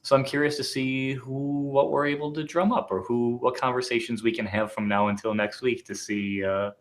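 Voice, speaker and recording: A man's voice: mid-range voice, steady tone, moderate pace. A man with a Wisconsin accent co-hosting a podcast, thinking aloud hesitantly with many fillers and restarts. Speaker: podcast co-host. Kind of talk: casual podcast chat.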